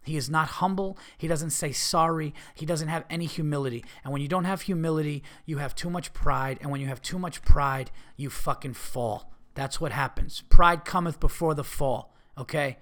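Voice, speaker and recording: A man's voice: fairly high pitch, steady tone, moderate pace, hardly any pauses, a bit bright. A man hosting a comedy podcast, ranting emphatically with heavy profanity. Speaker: podcast host.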